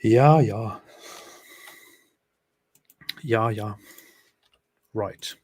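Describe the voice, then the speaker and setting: A man's voice: lowish voice, very slow, a little mellow, slightly rough, no echo. A man co-hosting a live stream, reading viewer comments aloud and commenting sarcastically. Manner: sarcastic, mock-reverent reading. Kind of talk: casual live-stream chat.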